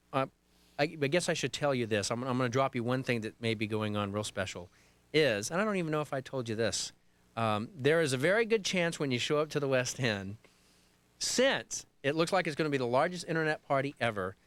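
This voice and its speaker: A man hosting a live call-in tech talk show, excitable and playful, often repeating himself. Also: mid-range voice, fairly quick, clear, resonant tone, no room sound. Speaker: host.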